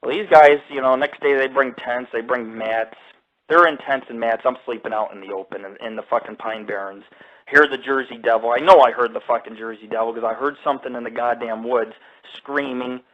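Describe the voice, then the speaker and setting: A man talking on a live radio show in a blunt, swear-heavy way, his voice sitting at an ordinary middle pitch. The sound is muffled and lo-fi, like a low-grade internet radio stream. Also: brisk. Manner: blunt, heavily profane storytelling. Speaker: radio show host and paranormal group founder. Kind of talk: casual live radio monologue.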